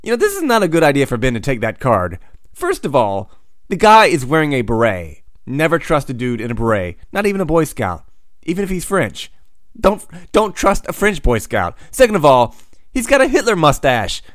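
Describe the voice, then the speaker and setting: A man recapping comics with dry, sardonic asides. His delivery swings lively up and down. The recording is dry and close. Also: fairly high pitch, moderate pace, no echo. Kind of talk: sarcastic comic recap narration.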